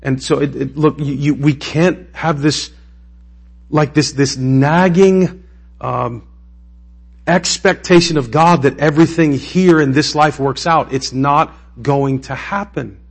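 A man's voice: a little high, steady tone, takes it slowly, vocal fry. A man preaching a sermon in a conversational, emotional way that rises to impassioned peaks. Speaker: pastor.

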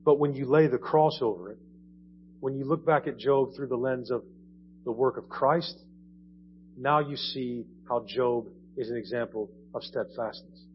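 A man's voice: mid-range voice, measured pace. A man preaching a sermon in a conversational way, repeating phrases and rising in emphasis. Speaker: pastor. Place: church. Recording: dull audio with faint hum.

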